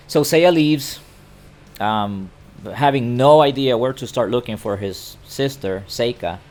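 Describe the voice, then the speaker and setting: A man's voice: medium pitch, a little slow, a little mellow. Man, anime recap vlog, casual, chatty, stammering, talking to camera. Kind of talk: casual retelling of an anime episode.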